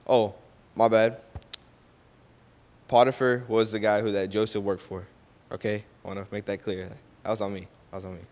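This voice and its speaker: A man casually retells a Bible story in a lowish, darkish voice, delivering it flatly at normal speed. Loose and conversational, he keeps checking in with "right?" and corrects his own slips. Long hall reverb surrounds the recording.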